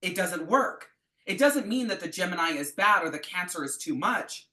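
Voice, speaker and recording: A woman's voice: on the low side, lively intonation, moderate pace, sharp tone, roomy sound. A middle-aged woman coaching astrology in casual live teaching, blunt, profane and emphatic.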